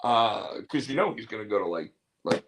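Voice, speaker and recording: A man co-hosting a casual chat show, excitable, tripping over repeated words and slipping into wrestler impressions. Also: fairly low pitch, moderate pace. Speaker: podcast co-host.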